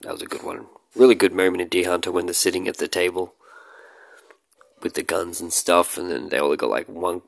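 A gravelly, low-sitting voice with a steady tone moves along fairly quickly as this movie vlogger talks casually to camera, no room sound audible. His rambling take on favorite films is jokey, punctuated by loud shouts and laughs.

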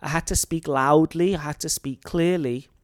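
Earnest North Welsh man, slightly high voice. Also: steady tone, moderate pace, dry recording, studio quality. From North Wales. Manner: earnest and explanatory. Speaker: teacher. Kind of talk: talk to fellow teachers.

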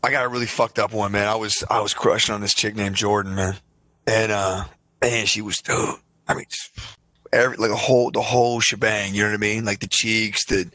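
Crude, animated young man. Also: on the low side, brisk, no room sound. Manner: animated and crude, swears freely. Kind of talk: casual storytelling chat.

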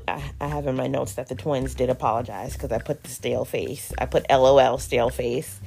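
A woman's voice: sits low, gravelly, a little mellow. A woman hosting a podcast, recapping an episode in a casual, sassy, slangy way with joking asides. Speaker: podcast host reviewing a reality show.

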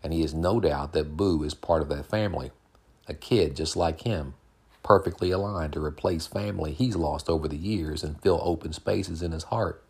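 A man with a very deep, husky voice voicing a playful young woman on a first date, in a lightly raised, teasing tone. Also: normal speed, darkish tone, exaggerated voice. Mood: tender.

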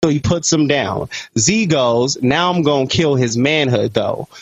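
A man co-hosting a podcast, telling a story in an animated, profane way and jumping into higher voices for the people he quotes. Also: a little slow, slightly rough. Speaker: podcast co-host. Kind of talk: comic storytelling. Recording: dull, dry lo-fi sound.

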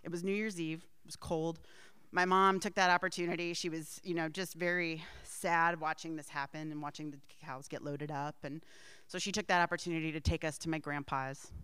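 A woman's voice: deep voice, steady tone, brisk, a bit bright, clean tone, no room sound. A middle-aged woman telling a personal family story in a rambling way, with asides and frequent laughs.

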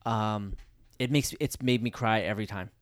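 A man co-hosting a movie podcast, talking casually and enthusiastically, swearing freely and getting louder when excited. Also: lowish voice, normal speed, dry recording, clean studio sound. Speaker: podcast co-host.

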